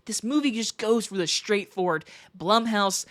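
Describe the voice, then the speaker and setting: A woman's voice: mid-range voice, moderate pace, fairly bright tone. A woman giving a casual, profane movie review in an exasperated, emphatic rant.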